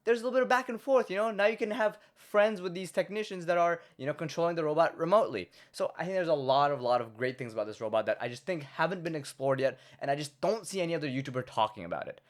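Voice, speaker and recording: A man's voice: on the high side, animated, fast, hardly any pauses. A young man, a YouTuber, delivering a crude, rambling comedic monologue full of stumbling repetitions.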